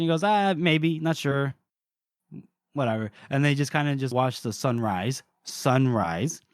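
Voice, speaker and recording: A man's voice: on the high side, clean tone, no room sound, studio quality. A young man co-hosting a casual book podcast, laughing often and acting out characters' lines as he recaps. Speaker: podcast co-host.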